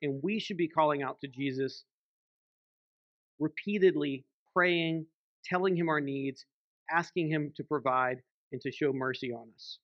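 A man's voice: a little high, measured pace, no echo, dull audio. A man, a church elder, preaching a sermon in a conversational way, often checking in with the congregation by asking "right?". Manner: conversational, frequent "right?" tag questions.

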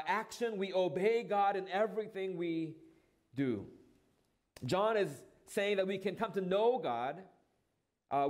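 A middle-aged male pastor preaching an earnest sermon, asking rhetorical questions and dropping his voice low when quoting scripture. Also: a little mellow.

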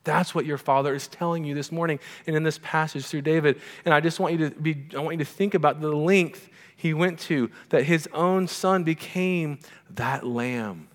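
A middle-aged male pastor preaching a sermon in a relaxed, conversational way, often checking in with the congregation with quick asides. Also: on the high side. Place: church sanctuary. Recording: long reverb of a church hall.

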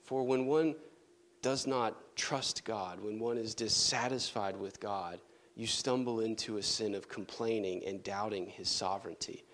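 A man preaching a sermon in an earnest manner, dropping to soft, low tones for emphasis. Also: steady tone, measured pace.

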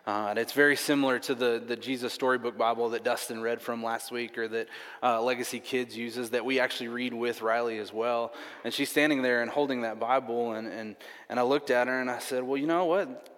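A man's voice: mid-range voice, level tone, brisk, fairly bright tone. A man preaching a sermon, telling a personal story earnestly and repeating himself often. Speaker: pastor. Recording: long reverb of a large hall.

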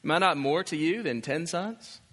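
A preacher putting on a dim, insensitive husband who whines out baffled questions in a raised, bright voice. The sound rings with the long reverb of a church hall. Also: male voice, a little high, animated, normal speed. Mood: self-important. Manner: whiny, puzzled questioning tone. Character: clueless, insensitive biblical husband, grown man.

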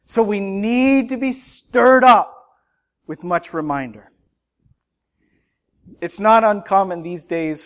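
Male pastor, middle-aged, high-pitched, earnest conversational sermon delivery. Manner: earnest, conversational preaching with personal anecdotes.

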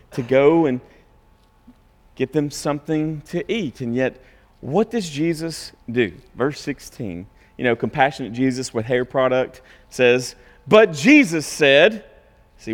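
A man delivers a sermon in a raised, fairly high voice. He preaches conversationally, throwing out rhetorical questions and asking his listeners "okay?" His voice rings with the long reverb of a big room. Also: fairly bright tone. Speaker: pastor.

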